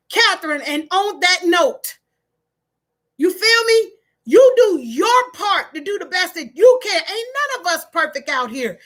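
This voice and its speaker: A middle-aged woman, preaching to her live-stream viewers. Her voice sits very high and rings bright and forceful. She talks emphatically and straight from the heart. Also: very animated, a little slow. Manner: preachy, emphatic, in Black American vernacular. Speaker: online talk host. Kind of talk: live-stream motivational talk.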